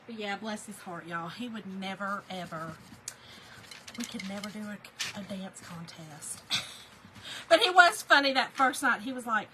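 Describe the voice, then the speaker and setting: A woman's voice: mid-range voice, expressive, normal speed, noisy background. A middle-aged woman, chatting folksily while she crafts, laughing often and answering viewer comments. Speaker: craft livestream host. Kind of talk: casual livestream chat while crafting.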